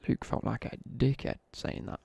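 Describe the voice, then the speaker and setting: A man's voice: normal speed, dark tone. A young man chatting casually as a streamer, telling a rambling story with asides while he plays a game. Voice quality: gravelly, husky. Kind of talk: casual chat while gaming.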